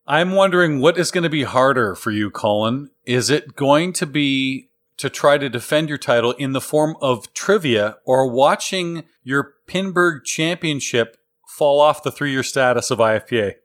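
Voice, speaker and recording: A man's voice: medium pitch, moderate pace, hardly any pauses, fairly bright tone. A man hosting a pinball trivia podcast, introducing contestants in an upbeat announcer manner. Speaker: podcast host. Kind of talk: game-show style hosting.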